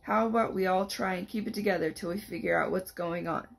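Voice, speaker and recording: A woman reading a calm, earnest teen boy. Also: mid-range voice, a little fast, gravelly, slightly rough. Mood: urging. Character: young teen boy, calm steady leader.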